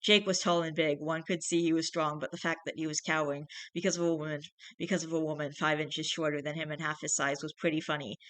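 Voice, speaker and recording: Woman with a lowish dry voice reading fiction. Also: fast talker, few pauses, no room sound. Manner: lively, voices the dialogue. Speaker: reader. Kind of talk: fiction read-aloud.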